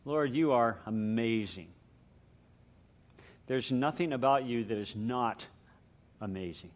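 A middle-aged man, a pastor, preaching a sermon and praying in an earnest, measured way. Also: medium pitch. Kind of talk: sermon with prayer.

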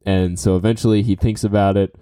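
A man's voice: on the low side, little pitch movement, a little fast, warm tone, clean tone, no echo, clean studio sound. A man telling a casual story full of fillers and restarts, giving tips to business listeners. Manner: rambling, with many fillers and restarts.

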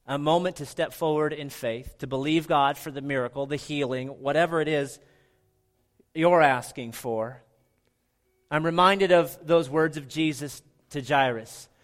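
A middle-aged man preaching a sermon as pastor, earnest, often dropping to a soft, hushed delivery for emphasis. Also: medium pitch.

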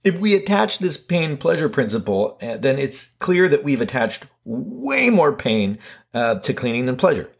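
A man with a husky, slightly breathy voice talks straight to his viewers in a loose self-help chat. He is animated and self-mocking, throwing in mild swears and jumping high in pitch for comic emphasis. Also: unhurried. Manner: casual, with light swearing. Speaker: video host. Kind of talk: casual self-help talk to camera.

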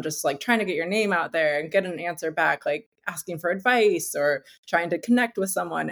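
A woman with a low, gravelly voice speaks earnestly in a casual interview, using lots of "like" fillers. She is a guest entrepreneur.

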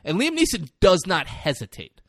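A man's voice: moderate pace, no room sound. A man casually and profanely recapping a movie scene, acting out the characters as he goes. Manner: animated retelling, acts out characters with swings in pitch and loudness. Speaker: podcast co-host recapping a movie.

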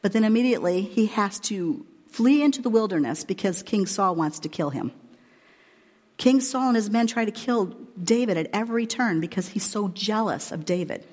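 A woman's voice: on the high side, a little mellow, long reverb tail. A woman preacher giving a conversational, emphatic sermon retelling Bible stories.

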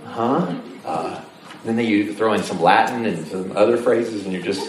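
A man with a lowish voice speaks at normal speed, giving a lively, jokey sermon in a church sanctuary and mimicking how his listeners sound. The mic is distant and roomy, with a little background noise.

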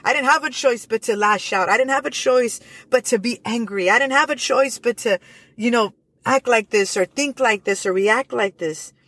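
A woman's voice: on the high side, normal speed, fairly bright tone, no room sound. A woman hosting a faith-based motivational podcast, speaking earnestly with frequent restarts and repeated phrases. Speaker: podcast host.

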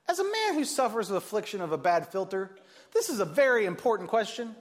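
This is a male pastor preaching to his congregation, his pitch bouncing widely from phrase to phrase. He sits a little higher than most men and keeps the talk playful, slipping into other people's voices as he tells his stories. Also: normal speed. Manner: animated, joking, acts out quoted voices. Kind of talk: sermon.

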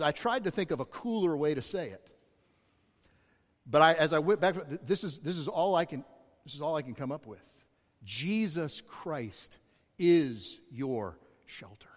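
A man preaching a sermon as pastor, speaking conversationally with self-deprecating asides to his congregation. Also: a little high. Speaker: executive pastor. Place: church auditorium. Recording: long hall reverb.

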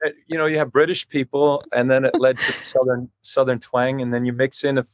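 A man's voice: mid-range voice, steady tone, fast talker, no echo, dull audio. A middle-aged man being interviewed as a guest, rambling and restarting his sentences often.

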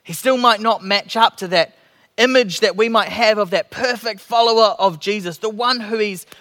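A man delivering a sermon in a slow, measured, reflective way, letting phrases fall soft at the ends. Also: sits high. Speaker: preacher.

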